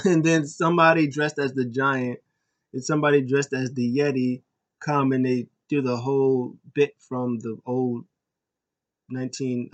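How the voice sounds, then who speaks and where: A man hosting a casual recap show. He rambles with lots of fillers and restarts, and he sounds like an enthusiastic fan. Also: medium pitch. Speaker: podcast host.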